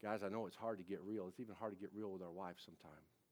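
A man's voice: low-pitched, fairly even intonation, fast, darkish tone. A man in his forties, a pastor, preaching a sermon in a casual, conversational way, with frequent asides to the congregation.

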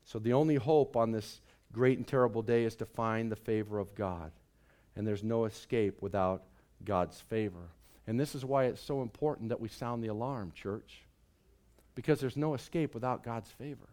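A man preaching a sermon as pastor, animated and drawing the congregation into call and response. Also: on the low side, normal speed. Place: church sanctuary.

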